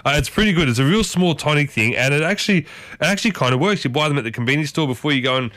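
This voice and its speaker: A man's voice: on the high side, animated, very fast, fairly bright tone, no echo. A man hosting a breakfast radio show in casual, folksy chat, firing questions at his listeners. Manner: chatty and folksy, quizzes listeners with strings of questions.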